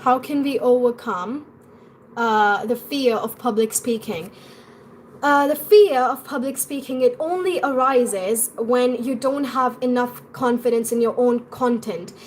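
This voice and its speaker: A young woman with an acquired British accent, answering viewer questions as an English pronunciation coach in a live stream, in a quick, chatty way. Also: fairly high pitch, a little hiss or hum.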